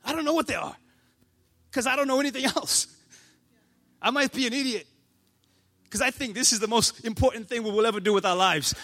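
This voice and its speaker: A man pastor delivering a passionate sermon to his church, building to shouts. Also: extremely high pitch, a little fast, creaky, long pauses. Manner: passionate, preaching with rising shouts.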